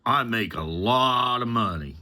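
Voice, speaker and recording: A man's voice: animated, measured pace, sharp tone. A man putting on the voice of an arrogant, foul-mouthed rich passenger who barks and sneers. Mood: curt, contemptuous. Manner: barking, sneering, high-strung.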